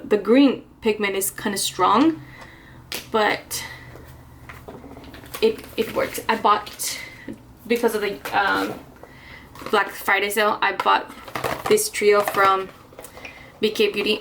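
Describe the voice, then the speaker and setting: A woman's voice: mid-range voice, creaky, noisy background. A woman chatting casually through a get-ready-with-me makeup vlog, rambling with restarts and small laughs, a little out of breath. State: slightly out of breath. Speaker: beauty vlogger.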